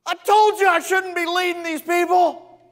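A man's voice: animated, takes it slowly, fairly bright tone, in a large hall, full character voice. A male pastor voicing Moses as a bold prophet who later pleads frantically with God. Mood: panicked. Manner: booming then frantic pleading. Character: Moses, bold prophet turned panicked leader.

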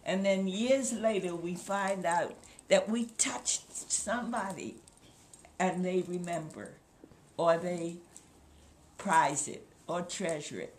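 A woman in her late eighties giving a slow, emotional thank-you speech to her family. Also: lowish voice. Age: 80s. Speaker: grandmother being honored. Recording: home camcorder, some noise.

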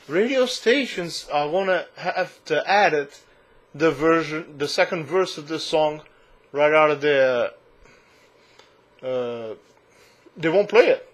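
A man ranting to camera as a vlogger, indignant and sarcastic and swearing freely. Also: on the high side. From United States.

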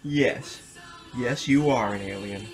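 A man's voice: mid-range voice, slow, faint music behind, rough recording. A man who makes art and protests, talking casually and swearing when angry. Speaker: artist and protester. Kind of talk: casual banter and confrontational protest footage.

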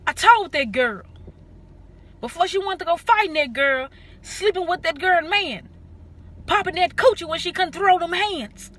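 A woman telling comic stories in a sassy, animated way, talking straight to the viewer. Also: very high voice, takes it slowly, pauses often. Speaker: comedic vine creator. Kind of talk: comedic storytelling monologue.

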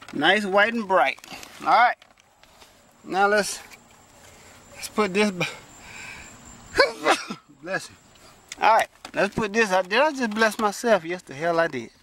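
A man's voice: sits high, measured pace, long pauses, bright, forceful tone, slight background noise. A man doing a casual how-to car repair vlog, chatty and exclaiming often as he talks straight to viewers while working inside a parked car. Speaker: vlogger.

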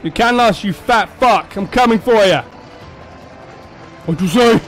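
A man commentating on his own gameplay, excitable, swearing, shouting and laughing at the action. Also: sits high, a little slow, long pauses, faint music behind, rough recording. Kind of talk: let's play commentary.

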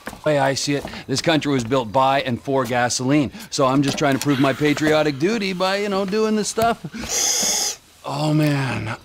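An actor voicing a volatile, foul-mouthed, unhinged middle-aged criminal man in video game cutscene dialogue, swinging between snarling shouts and mocking hushed taunts. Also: on the high side, moderate pace, gravelly, background noise. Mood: sarcastic.

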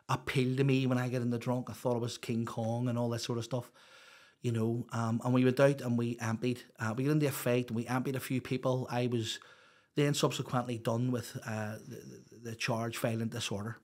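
A middle-aged man, telling a raw personal story as a podcast guest, halting and restarting often. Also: mid-range voice, darkish tone. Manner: raw, confessional, halting with many restarts and fillers.

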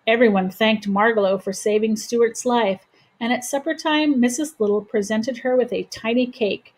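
A woman reading a children's chapter book aloud in a gentle, steady voice. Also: on the high side, normal speed. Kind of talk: children's storybook read-aloud.

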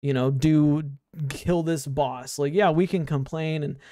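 Gaming creator, male, voice sitting a bit high, talks off the cuff and restarts often. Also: steady tone, measured pace, mellow, dry recording, studio quality. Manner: rambling, many fillers and restarts. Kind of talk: casual unscripted commentary.

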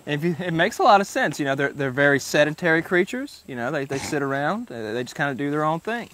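A man's voice: on the high side, expressive, fast, fairly bright tone, slight background noise. A man hosting a podcast, telling stories in loose, joking casual chat with lots of fillers. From United States. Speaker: podcast host.

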